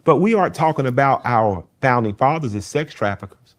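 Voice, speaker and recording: A man's voice: mid-range voice, expressive, brisk. A man making an earnest, pointed argument in an interview.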